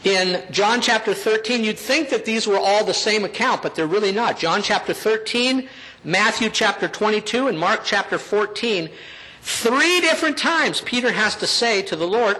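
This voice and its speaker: Male preacher, casual conversational delivery, higher-pitched and bright tone. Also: expressive, moderate pace, rough recording. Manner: conversational, checking in with the audience. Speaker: pastor. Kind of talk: sermon.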